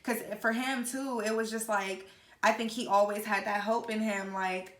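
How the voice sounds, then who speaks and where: A woman's voice: medium pitch, fairly even intonation, moderate pace, a bit bright. A young woman co-hosting a casual vlog, telling a personal story candidly with many fillers. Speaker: vlogger, co-host. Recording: echoey room.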